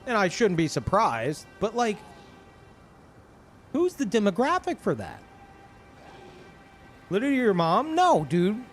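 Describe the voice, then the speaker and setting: A man's voice: high voice, huge pitch swings, measured pace, pauses often, soft background music. Profane ranting male streamer. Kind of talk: casual live-stream chat.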